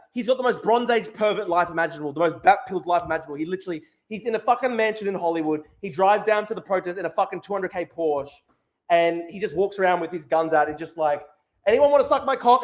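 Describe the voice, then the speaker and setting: A man in his twenties with an Australian accent, ranting profanely and mock-despairingly as a show host from a small studio. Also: high voice. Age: 20s. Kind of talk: comedic rant.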